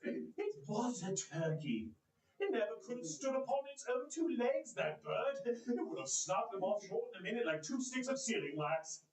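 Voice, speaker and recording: A man delivers a theatrical one-man storytelling performance, his voice sitting fairly high and swinging widely as he plays each character. The sound carries the echo of a roomy hall. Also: normal speed. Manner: animated, voices characters with big pitch swings. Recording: echoey room.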